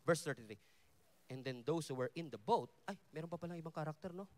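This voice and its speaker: A man's voice: fairly high pitch, animated, fast. A man with a Filipino accent preaching a sermon at a festival, shifting between English and Tagalog and acting out the disciples' voices. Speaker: pastor. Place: festival stage before a congregation.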